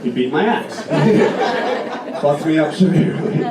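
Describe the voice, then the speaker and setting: A young man from Indiana doing a stand-up set with self-deprecating, deadpan punchlines. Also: fairly high pitch, takes it slowly, a loud crowd. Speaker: stand-up comedian. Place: comedy club stage. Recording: roomy club recording from far off. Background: audience laughter.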